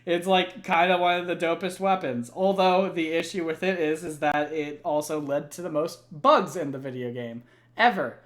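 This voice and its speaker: On the high side and fairly bright, a young man's voice moves at a moderate pace as he chats about video game lore. He's rambling and profane, with many fillers throughout.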